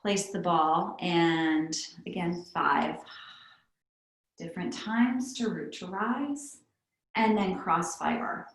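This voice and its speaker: Calm woman counting pilates cues, echoey room. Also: fairly low pitch, slow. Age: adult with young kids. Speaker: pilates instructor. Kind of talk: guided fitness class instruction. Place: fitness studio.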